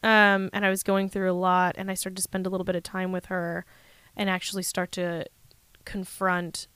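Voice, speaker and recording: Woman chatting candidly, smooth clear voice, dry close sound, laughs a lot. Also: fairly low pitch, completely flat delivery, normal speed, a bit bright, dry recording. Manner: candid, laughs often, quotes people in voices. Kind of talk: casual conversation.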